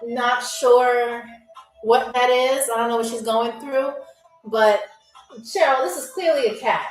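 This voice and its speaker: A woman's voice: a little high, measured pace, faint music behind. A woman hosting a live-stream game show, chatting with viewers in a playful, teasing, sarcastic way. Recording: echoey room.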